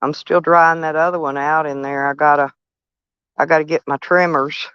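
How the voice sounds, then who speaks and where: A woman's voice: low-pitched, fairly even intonation, normal speed, fairly bright tone, clean tone, no room sound, muffled recording. Blunt older woman, dry close sound. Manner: scolding, blunt and profane. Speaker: van life vlogger. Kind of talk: casual vlog chatter.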